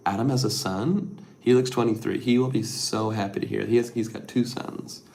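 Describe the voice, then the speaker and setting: A middle-aged man hosting a casual livestream, reading viewer comments and rambling softly with lots of fillers. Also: on the low side, steady tone, normal speed, creaky. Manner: rambling, soft-spoken, with many fillers. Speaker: livestream host.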